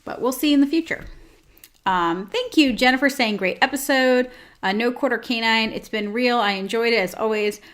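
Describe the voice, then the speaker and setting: A woman hosting her own program talks at normal speed in a slightly high, fairly bright voice. Her casual chatter comes with plenty of fillers and joking side comments.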